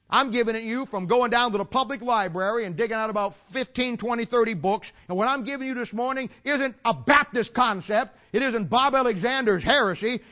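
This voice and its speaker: Emphatic folksy preacher, lo-fi sermon tape. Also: male voice, very high-pitched, sharp tone. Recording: dull lo-fi sermon recording.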